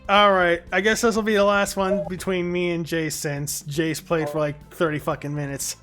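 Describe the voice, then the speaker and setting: A man's voice: sits high, level tone, normal speed, fairly bright tone, soft background music. A man hosting a casual gaming stream, swearing casually as he directs players. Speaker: stream host.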